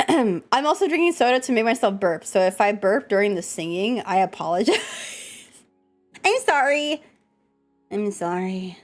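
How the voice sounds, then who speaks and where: A woman streamer with a cold, chatting casually and excitably with her chat, swearing and scolding them playfully. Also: medium pitch, brisk, few pauses, soft background music. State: has a cold, coughing.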